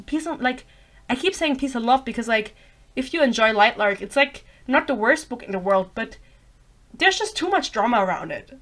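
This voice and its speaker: A bilingual woman with a slightly high voice ranting in a casual vlog. She is blunt and sarcastic and swears without a second thought. She keeps cutting herself off and drifting into tangents. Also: expressive, normal speed, fairly bright tone. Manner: rambling, self-interrupting tangents. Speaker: book reviewer.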